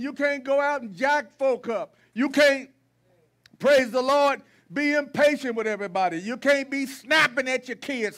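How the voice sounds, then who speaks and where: A man preaching a sermon to his congregation in a church, folksy and blunt, driving points home with repetition and rising to shouts. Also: very high-pitched. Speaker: pastor. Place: church sanctuary.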